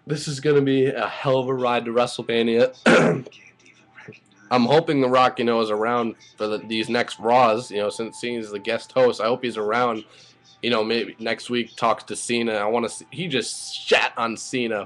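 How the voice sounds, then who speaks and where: A man giving an excited, profane, rambling casual review as a wrestling fan, full of fillers. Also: on the low side, normal speed, poor audio.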